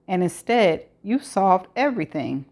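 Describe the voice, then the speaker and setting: A woman's voice: mid-range voice, sing-song, a little slow, a little mellow. A woman voicing a cold, calculating male killer who talks in a weary, mocking way.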